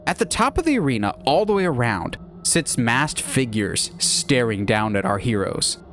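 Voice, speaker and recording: Animated male narrator, mid-pitched, eager storyteller. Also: moderate pace, slight background noise. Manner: animated, lively. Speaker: narrator pitching a movie idea.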